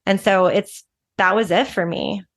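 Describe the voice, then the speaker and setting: A woman's voice: mid-range voice, steady tone, vocal fry. Frank woman telling her recovery story. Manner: frank, emotional, fast bursts with restarts. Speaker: guest, recovery advocate. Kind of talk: candid personal storytelling.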